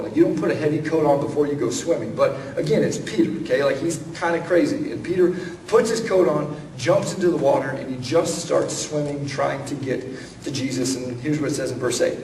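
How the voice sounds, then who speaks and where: A man giving a conversational, animated sermon as a guest speaker, acting out lines of dialogue. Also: a little high, a little fast, slight background noise. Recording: echoey room from a distance.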